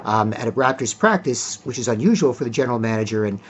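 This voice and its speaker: A man's voice: medium pitch, animated, fast, muffled recording. Rambling man talking basketball. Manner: rambling, frequent fillers and throat clearing. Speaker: sports commentator. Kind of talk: casual solo sports talk.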